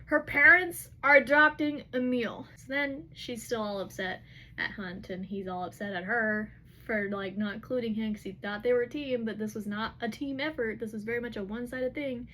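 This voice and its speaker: A young woman casually retelling a novel's chapters, chatty and animated, with slangy asides. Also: fairly high pitch, a little fast, slight background noise. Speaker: book recap vlogger.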